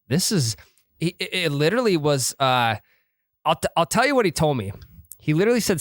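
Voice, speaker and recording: Swearing, animated man. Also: a little high, a little fast, dry recording, studio quality. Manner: animated, swears freely, storytelling. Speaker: podcast co-host. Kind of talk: casual golf chat.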